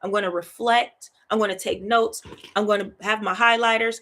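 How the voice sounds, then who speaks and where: Woman, Bible study host, mid-pitched, casual and animated, laughs a lot, repeats for emphasis. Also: normal speed. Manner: animated, chatty, laughs often, keeps asking "right?".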